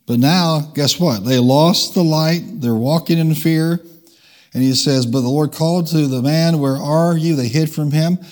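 A man's voice: fairly high pitch, measured pace, a little mellow. A man preaching a sermon, leading the congregation in call-and-response and changing his pace for emphasis. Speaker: pastor. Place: church.

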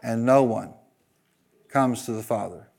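A man's voice: medium pitch, measured pace, creaky, a little mellow. A man preaching a sermon as pastor, driving his points with repeated phrases and leading the congregation in call-and-response.

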